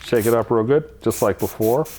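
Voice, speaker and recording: A man, a craft instructor, talking through an epoxy resin demonstration step by step in a relaxed way. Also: medium pitch, normal speed, a little hiss or hum.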